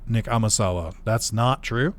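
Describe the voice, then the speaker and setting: A young man doing casual let's play commentary, excitable, laughing often and swearing freely. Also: on the low side, moderate pace.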